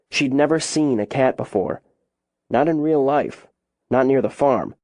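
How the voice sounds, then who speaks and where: A man narrating a suspense novel as an audiobook, in a measured, unhurried storytelling manner. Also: medium pitch, warm tone, dry recording, studio quality.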